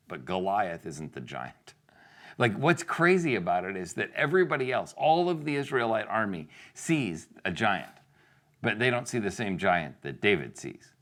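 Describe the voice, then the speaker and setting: A man with a deep, low-pitched voice delivers a sermon in a loose, conversational style. He keeps asking rhetorical questions and briefly acts out the voices of the people in the story. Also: fairly bright tone. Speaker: pastor.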